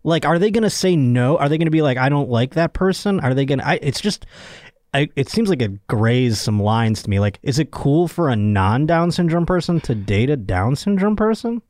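A man's voice: medium pitch, expressive, normal speed, a little mellow, dry recording, clean studio sound. Crude joking man hosting a podcast. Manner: crude, joking, rambling with restarts. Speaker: podcast host. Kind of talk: casual comedic chat.

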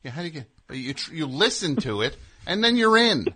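A male radio host with a bright, forceful voice that leaps up and down in pitch. He banters casually and breaks into exaggerated impressions for laughs. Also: fairly quick, husky. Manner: animated, jokey, slips into exaggerated impressions.

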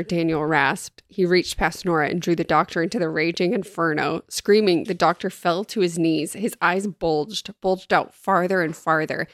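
A woman's voice: on the low side, fairly even intonation, moderate pace, few pauses, no echo, clean studio sound. A woman in casual podcast chat, reading horror passages aloud dramatically and laughing often. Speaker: podcast co-host recapping a book.

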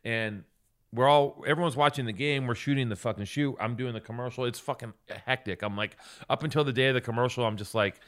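A man co-hosting a podcast, telling a story in casual chat with heavy swearing and animated bursts. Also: medium pitch, fast. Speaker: podcast co-host.

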